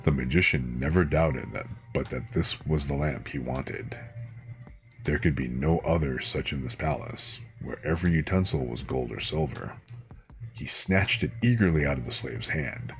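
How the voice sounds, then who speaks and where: A man calmly reading a fairy tale aloud as a bedtime story, unhurried, with small slips he corrects. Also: a bass voice, faint music behind. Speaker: streamer reading fairy tales.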